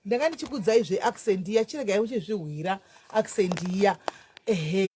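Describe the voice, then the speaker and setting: A woman's voice: medium pitch, a little fast, dark tone, slight background noise. A woman hosting a casual live-stream interview, chatty and coaxing, switching between Shona and English and repeating her words.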